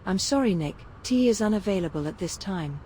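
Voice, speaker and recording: Woman playing a polite spaceship computer, mellow tone, flat and apologetic, slight hiss. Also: medium pitch, a little fast, lightly acted. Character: calm polite female ship computer.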